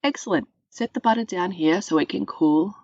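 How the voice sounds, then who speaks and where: A woman's voice: fairly low pitch, moderate pace, no echo, highs cut off. Woman voicing a patient, instructive mum. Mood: kind. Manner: gentle, instructive. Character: kind patient mother baking.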